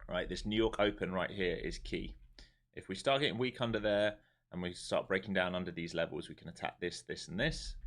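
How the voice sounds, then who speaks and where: A laid-back man with a London accent talks loosely on a live trading stream. His voice sits very low and deep. He speaks bluntly and chattily, with the odd swear word. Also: a little fast, a bit bright. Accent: London English. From London, England. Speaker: live-streaming day trader. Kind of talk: casual live-stream chat and market commentary.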